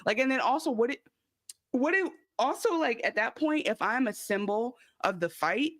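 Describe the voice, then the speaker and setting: Joking animated podcast co-host woman. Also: on the high side, moderate pace, no room sound. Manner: animated storyteller, loose and joking. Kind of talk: casual chat.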